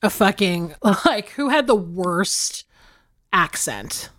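Lively, swearing woman podcast co-host. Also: mid-range voice, slow. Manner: animated, swearing, laughing often. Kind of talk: casual chat.

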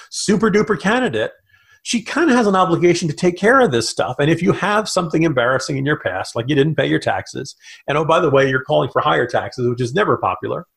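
A man co-hosting a political podcast, chatting animatedly in quick bursts with asides. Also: on the high side, gravelly, fairly bright tone. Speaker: podcast co-host. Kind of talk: political commentary chat.

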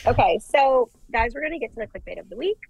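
Animated young woman co-hosting a chat. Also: a little high, fast talker, creaky, husky, lo-fi sound. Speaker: podcast co-host. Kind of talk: casual chat.

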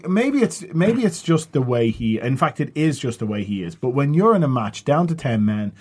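A man's voice: medium pitch, moderate pace, breathy edge. A man telling stories and giving football opinions in casual, sweary podcast chat, often laughing. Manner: laughing, sweary, animated storytelling.

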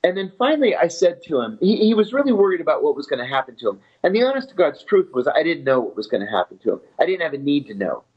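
A man telling his story in an interview in a steady, matter-of-fact way. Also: on the high side, quick pace, few pauses, breathy edge. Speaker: former intelligence officer telling his story. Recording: dull lo-fi audio.

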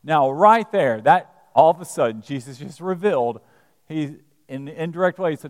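A man's voice: on the high side, lively intonation, normal speed. A man preaching a sermon in a conversational, storytelling way. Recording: reverberant church hall.

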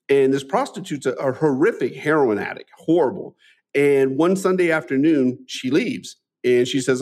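A man in his forties speaks as a guest in a conversational interview, telling his life story with earnest, animated energy. He restarts phrases often and drops in a friendly "man" as he talks. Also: medium pitch, moderate pace. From Midwestern US. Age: 40s.

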